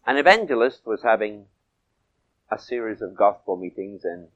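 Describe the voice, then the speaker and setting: A man preaching a sermon, swinging from loud emphatic peaks to soft low asides and stretching key phrases. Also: expressive, moderate pace, highs cut off.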